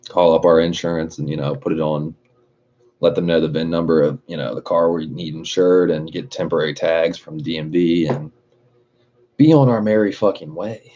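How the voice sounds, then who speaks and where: A man's voice: a bass voice, steady tone, normal speed, mellow. A young man hosting a livestream, rambling and swearing in casual chat, laughing often. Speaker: livestream host. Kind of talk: casual chat with live chat readers. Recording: dull lo-fi stream audio.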